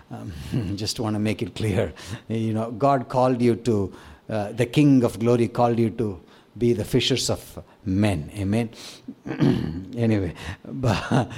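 A man's voice: medium pitch, darkish tone. Tamil-accented middle-aged man preaching a sermon. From Tamil-speaking South India. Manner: conversational preaching with frequent fillers and restarts. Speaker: pastor.

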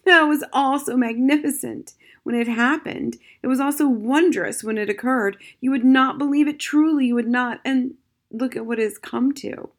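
A woman's voice: sits high, normal speed, voice pushed up. A woman voicing a lonely, desperate male magician locked in a prison cell, talking in a bitter, theatrical way.

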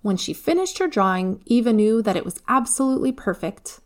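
A woman narrating a children's storybook in a clear, even reading voice. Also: on the high side, a little fast.

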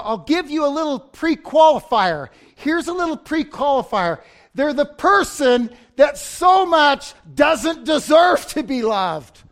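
A man preaching a sermon, swinging from loud outbursts to near-whispers, acting out story voices with humor. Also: very high voice. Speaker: pastor.

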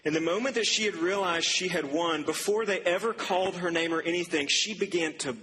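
A man's voice: high voice, a little fast, crowd noise. A young man preaching a sermon to students, telling a story in a loose, chatty way with asides and laughs. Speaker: campus preacher. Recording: long hall reverb, faint ambience.

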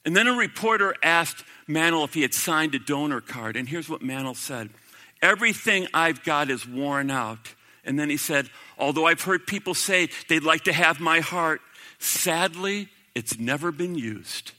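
Pastor guy preaching, really bright voice, kinda high, gets fired up then goes real quiet. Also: lively intonation, moderate pace. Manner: impassioned, swelling to emphatic peaks then dropping to hushed quotes. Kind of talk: sermon.

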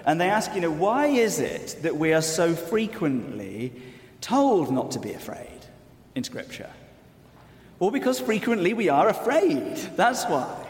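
A man's voice: fairly high pitch, big pitch swings, unhurried. A man preaching a sermon, earnest and explanatory with wry asides. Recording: echoey hall with long reverb.

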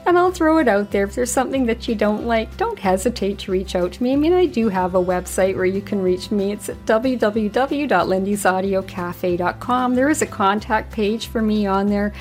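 A woman's voice: medium pitch, normal speed, hardly any pauses, a little mellow, soft background music. A woman in her sixties, a retired grandmother, hosting a solo podcast and telling stories in a chatty way, laughing now and then. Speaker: podcast host.

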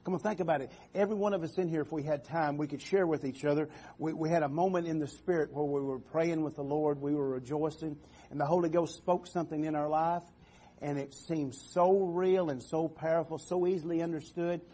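A man preaching a sermon in a church, halting and repeating words, often calling out for an amen. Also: a little high, fairly even intonation, dark tone, breathy edge.

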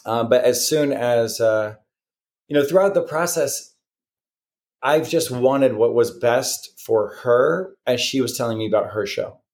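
Guy telling a long story on a podcast, lively, acts out everyone's lines, normal pitch. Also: a little slow. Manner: animated storyteller who acts out other people's words. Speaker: podcast co-host. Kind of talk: casual chat.

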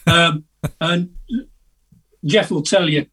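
An older guest musician spins rambling, chatty anecdotes over a video call, hesitating often and laughing at his own stories. His voice sits a touch high and is husky, bright, and forceful, with a steady tone and slow pace, slightly distant from the mic.

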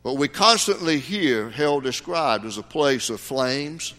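A man's voice: mid-range voice, animated, measured pace, a bit bright. A man preaching a sermon as pastor, folksy, with sudden emphatic rises. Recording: long hall reverb.

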